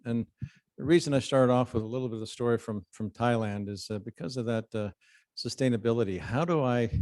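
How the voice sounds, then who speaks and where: A man's voice: on the low side, a little mellow, dry recording. A man, a surgeon, answering audience questions in a thoughtful, explanatory way with occasional restarts. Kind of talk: lecture Q&A answer.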